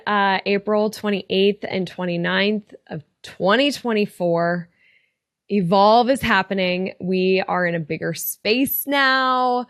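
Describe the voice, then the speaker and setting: Recorded dry at studio quality, this mid-range female voice belongs to a podcast host who coaches people in retail. She chats casually on her retail show, offering motivation through sincere encouragement and openly showing her feelings.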